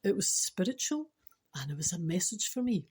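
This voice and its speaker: A woman's voice: fairly low pitch, very animated, moderate pace, dark tone, husky. An older Scottish woman telling a personal spiritual story in a chatty, laughing way, switching to earnest teaching. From Scotland. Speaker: spiritual vlogger. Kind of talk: casual storytelling to camera.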